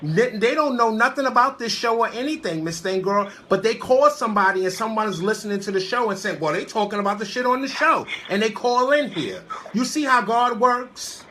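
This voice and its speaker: A woman's voice: a little high, animated, a little fast, few pauses, fairly bright tone, slight background noise. A woman hosting an online call-in radio show, ranting brashly with heavy, repetitive cursing. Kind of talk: profane call-in radio rant.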